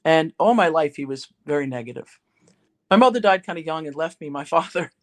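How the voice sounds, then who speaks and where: A middle-aged woman, a ghostwriter and speaker, telling an anecdote as a podcast guest in an animated, conversational way. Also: sits low, brisk. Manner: animated, conversational storyteller with restarts. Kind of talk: told anecdote and podcast chat.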